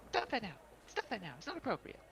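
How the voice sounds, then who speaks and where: A man voicing a tiny rapid male sprite with dragonfly wings, high-pitched and tripping over his words. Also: huge pitch swings, vocal fry, fairly bright tone, slight background noise, exaggerated voice. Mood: fussy.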